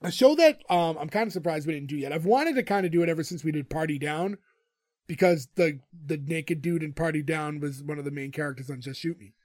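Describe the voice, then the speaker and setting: In a casual podcast chat, a man briskly recaps a TV episode, telling it animatedly and laughing often. His voice sits high for a man but has a darkish tone, and the recording is dry and close.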